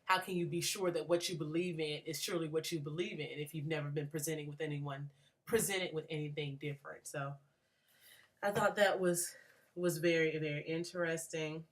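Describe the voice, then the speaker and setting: Low-voiced woman reflecting on a reading. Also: fairly even intonation, brisk. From Atlanta. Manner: thoughtful, many fillers and restarts. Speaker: graduate student. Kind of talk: reflective book response.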